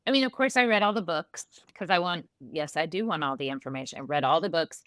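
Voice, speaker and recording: Animated storytelling mom, dry sound. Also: female voice, low-pitched, fast talker, dry recording. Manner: animated storyteller, laughs often. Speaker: podcast guest, mother. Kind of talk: casual storytelling.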